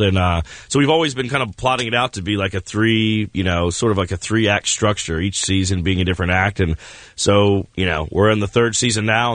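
Man, low voice, relaxed, deadpan humor, dry studio sound. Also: dry recording. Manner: relaxed, deadpan self-mocking. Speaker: guest actor and filmmaker. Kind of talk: radio interview chat. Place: radio studio.

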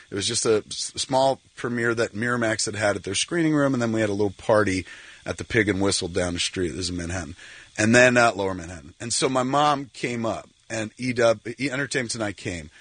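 Husky-voiced guest in his forties, middle pitch, dry close recording; acts out quotes while telling stories. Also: dry recording. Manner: animated storyteller, acts out quotes. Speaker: filmmaker guest. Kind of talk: casual talk-show storytelling.

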